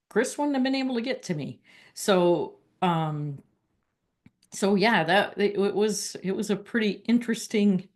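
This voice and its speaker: A woman telling a personal story in a casual, earnest and reflective way, halting and restarting as she goes. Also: mid-range voice.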